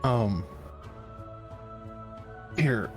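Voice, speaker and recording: A man voicing a gentle, caring woman with a soft Southern accent who speaks through a familiar, in a halting, soft-spoken way. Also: medium pitch, over music, pitched below the performer's own voice. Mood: concerned. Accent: soft Southern US (put on).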